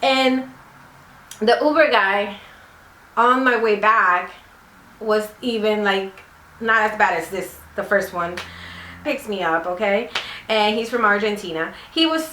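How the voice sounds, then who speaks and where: A woman's voice: mid-range voice, a little slow, pauses often, sharp tone, a little hiss or hum. A woman vlogger telling a casual story in a chatty, rambling way, full of fillers. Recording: roomy echo.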